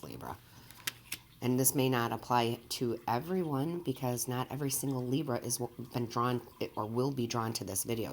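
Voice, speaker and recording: A woman's voice: rumbling low, slight background noise. A woman working as a medium, giving an earnest, emotional tarot reading to her viewers and often checking in with them. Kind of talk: direct-to-camera tarot reading.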